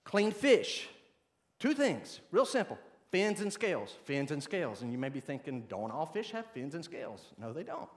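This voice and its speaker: Male pastor, higher-pitched, lively conversational sermon delivery. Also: moderate pace. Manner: animated, folksy, conversational preaching with rising emphasis.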